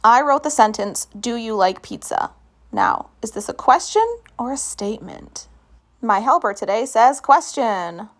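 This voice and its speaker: A woman teaching kindergartners in a video lesson, speaking slowly and clearly in an encouraging way. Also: a little high. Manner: slow, clear and encouraging, acting out children's voices. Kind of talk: video lesson for young children.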